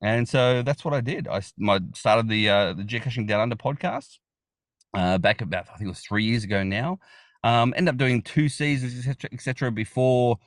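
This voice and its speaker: A man's voice: medium pitch, brisk, dry recording, clean studio sound. A man with an Australian accent, a guest chatting casually in an interview, rambling, repeating words and laughing often. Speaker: podcast guest.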